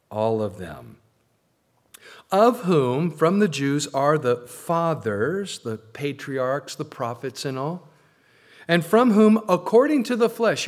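Guy pastor preaching, kinda high voice, punchy then goes low and slow on the big points. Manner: emphatic preaching, swinging between loud stresses and low, slow words. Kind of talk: sermon.

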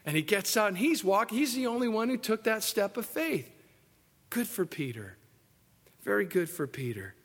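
A man preaches with emphasis in a fairly high voice, moving from hushed passages to excited ones. His voice rings through a hall with a long echo, as in a church recording. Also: normal speed. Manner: emphatic, wide swings between loud and soft. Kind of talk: sermon. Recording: echoey hall.

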